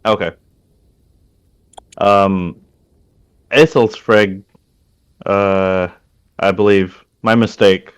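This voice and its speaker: A man chats at a tabletop game, circling back over his points with lots of fillers. His voice sits fairly low, and he takes his time. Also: steady tone, drawn-out words, long pauses, smooth. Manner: hesitant and rambling, with many fillers. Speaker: player. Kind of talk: casual tabletop game chat.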